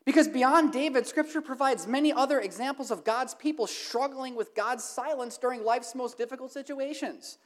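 A woman's voice: high-pitched, moderate pace, hardly any pauses. A woman preaching a sermon to her congregation, emphatic and building to impassioned, repeated questions. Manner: emphatic, rising to impassioned repetition.

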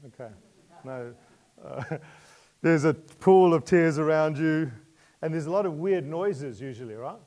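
A man preaching a sermon. He asks his listeners questions, laughs lightly between points, and moves from quiet asides to loud emotional pleas. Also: on the high side, lively intonation, unhurried.

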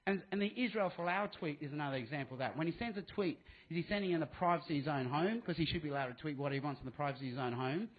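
An Australian man giving a live talk, answering a question in a lively way and acting out what others say. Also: on the high side, rapid-fire, few pauses. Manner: animated, acts out voices, restarts. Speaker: speaker. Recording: tinny phone-like sound.

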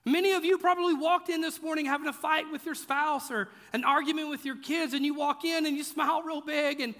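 In an echoey church hall, a man serving as pastor preaches with a very high, steady, fairly bright voice at a brisk clip. His sermon is conversational and full of jokes, with points pressed through emphatic repetition.

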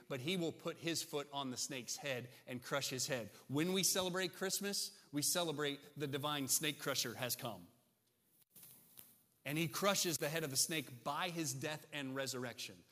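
Male pastor, sermon, emphatic, fairly high voice, long church reverb. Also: moderate pace, bright, forceful tone. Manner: emphatic, asks the congregation "right?". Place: church sanctuary.

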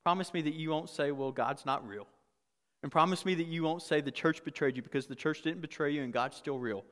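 A high-voiced man pastor delivers a sermon in a loose, chatty way, circling back on phrases and restarting lines as he drives a point home. His voice rings out with a long reverb, as if heard in a big church auditorium. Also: quick pace. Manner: animated, conversational preaching with repeated phrases. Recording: long reverb of a large hall.

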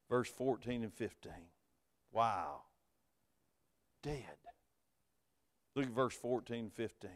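A middle-aged man with a Southern American accent, a pastor preaching a sermon in folksy, storytelling talk that swings between quiet asides and loud, emphatic preaching. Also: mid-range voice, takes it slowly, pauses often. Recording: hall reverb.

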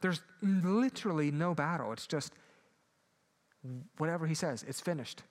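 Man preaching with loud and soft swings. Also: expressive, moderate pace. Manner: swings between loud emphatic peaks and quiet low asides. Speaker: pastor. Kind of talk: sermon.

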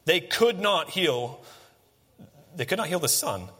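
A man preaching a conversational, animated sermon as a pastor. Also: a little high, measured pace, breathy edge, long reverb tail.

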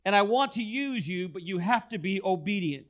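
A man's voice: high-pitched, lively intonation, moderate pace, fairly bright tone. A man preaching a sermon, telling a story and repeating key phrases for emphasis. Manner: storytelling, acts out quoted voices.

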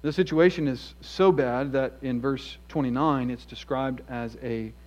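A man's voice: medium pitch, unhurried. Earnest male pastor preaching. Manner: earnest, storytelling, shifts between emphatic and hushed. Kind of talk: expository sermon. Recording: dull lo-fi sound.

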